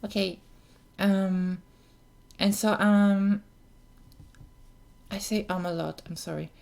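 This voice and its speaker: A woman's voice: medium pitch, steady tone, slow pace, creaky, a little mellow. A woman explaining voice technique in a casual spoken tutorial, hesitant, with many ums and apologetic asides. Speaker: voice coach. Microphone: camera mic, speaker close to camera.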